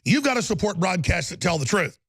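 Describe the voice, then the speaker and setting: A man hosting a live talk show, delivering an angry, heated political rant with repetitive, shouting bursts into a studio mic. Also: high-pitched, very animated, a little fast, no room sound.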